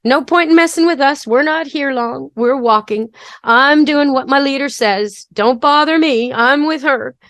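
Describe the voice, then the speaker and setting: A woman's voice: high voice, a little slow, a bit bright, dry recording, pitched above the performer's own voice. A woman voicing the inner thoughts of a small, confident male dog in a breezy, matter-of-fact way.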